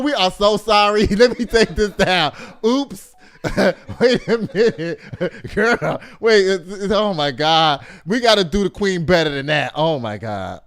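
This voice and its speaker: Male host, 50s, lively chatty gossip delivery, slightly high, smooth clear voice. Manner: animated, exclaiming, talks straight to the audience. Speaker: show host. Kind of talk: casual gossip commentary.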